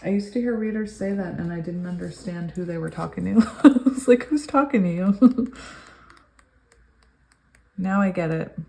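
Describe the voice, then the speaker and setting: Woman tarot reader, lowish voice, gushing and giggly, reads card messages in steady cadence. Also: normal speed, creaky, pauses often. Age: adult, long sober. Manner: excitable, gushing, laughs often. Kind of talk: pick-a-card tarot reading.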